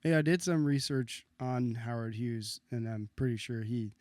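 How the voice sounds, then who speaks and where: A man's voice: normal speed, a little mellow, no echo, studio quality. A man co-hosting a film podcast, answering in short replies and reading out his research notes. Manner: low-key listener, short replies, reads research notes. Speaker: podcast co-host. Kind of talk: casual film-history chat.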